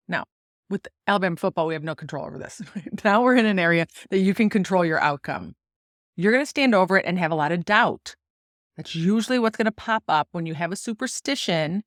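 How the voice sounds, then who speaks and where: A woman in her forties from the United States, hosting a solo podcast and telling stories in a chatty, lively way with frequent laughs. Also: lowish voice, dry recording, studio quality. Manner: chatty, animated storytelling with laughs. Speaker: podcast host and golf coach.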